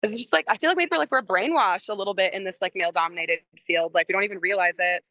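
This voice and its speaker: A woman's voice: medium pitch, fast, pushed and bright, no room sound, low-quality recording. Young female musician guest, chatty and giggly, dry close sound. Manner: rambling, heavy use of "like", laughs often. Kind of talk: casual podcast chat.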